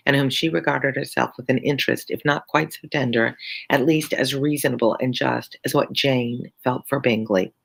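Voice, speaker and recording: A teacher reads a novel aloud on a live stream, pausing between passages for chatty asides to viewers. The voice is mid-range and gravelly, and the audio is poor.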